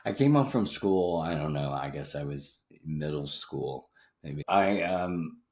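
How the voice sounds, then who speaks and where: A man in casual conversation, speaking haltingly with many restarts and candid personal recollection. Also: extremely low pitch, lively intonation, darkish tone. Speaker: podcast co-host. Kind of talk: casual chat.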